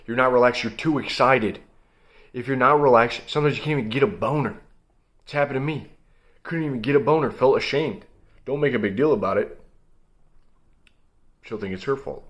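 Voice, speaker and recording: A man's voice: medium pitch, a bit bright. A young man giving a blunt, emphatic motivational monologue as host of his own video channel, coaching listeners directly.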